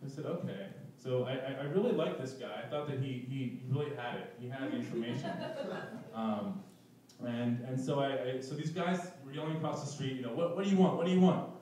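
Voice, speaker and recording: A man's voice: medium pitch, a little fast, darkish tone, a little hiss or hum. A young man telling a personal story at a live event, self-mocking and laughing through his lines. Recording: echoey room, distant mic.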